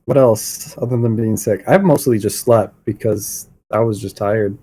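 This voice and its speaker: Congested guy with a cold, lowish mellow voice, joking around on a podcast. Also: normal speed, breathy edge. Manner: laid-back, joking. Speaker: podcast co-host. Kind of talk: casual chat.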